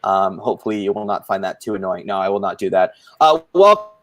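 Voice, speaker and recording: A man's voice: fairly low pitch, animated, a little fast, fairly bright tone, no echo. Playful rambling male panel host. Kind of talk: casual live-stream support group hosting.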